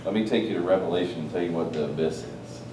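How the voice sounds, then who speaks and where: Animated preacher man, roomy and distant. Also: fast. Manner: animated, swings between loud exclamations and hushed asides. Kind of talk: sermon. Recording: roomy, distant mic with faint rumble.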